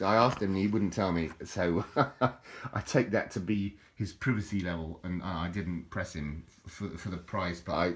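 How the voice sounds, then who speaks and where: A middle-aged man, rambling in a casual, jokey video monologue with frequent restarts. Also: low-pitched. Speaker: vlogger.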